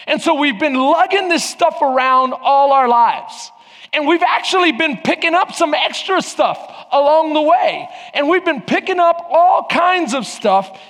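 High-voiced pastor preaching in a big hall. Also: male voice, fairly bright tone. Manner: storytelling with audience call-outs. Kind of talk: sermon. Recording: long hall reverb.

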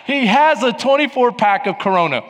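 A middle-aged man preaching a sermon, telling stories and acting out scenes, getting loud when worked up. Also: extremely high pitch, a little hiss or hum. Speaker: pastor. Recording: long hall reverb.

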